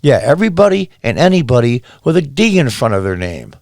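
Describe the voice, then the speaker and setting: A man hosts a solo commentary show, reading news items and breaking off into incredulous, sarcastic rants. His voice sits at an ordinary middle pitch. The sound is close and dry, with no room around it. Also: very animated, a little fast, vocal fry, a little mellow, dry recording. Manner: exasperated, sarcastic, incredulous outbursts. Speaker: political commentary host.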